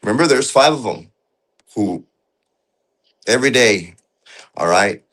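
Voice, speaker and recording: A man telling a story as a guest in casual conversation, halting and restarting often, with rough, profane speech. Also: lowish voice, animated, fairly bright tone.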